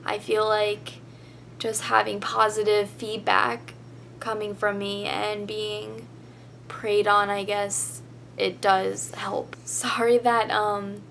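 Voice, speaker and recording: A teenage girl tells a story in a casual vlog, chatty and rambling, with "like" dropped into nearly every sentence. Her voice sits at an ordinary middle pitch and sounds close to tears. A faint hum runs underneath. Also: completely flat delivery, slow pace, creaky, fairly bright tone. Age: teens. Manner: chatty, rambling with many "like" fillers. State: tearful, emotional. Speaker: vlogger.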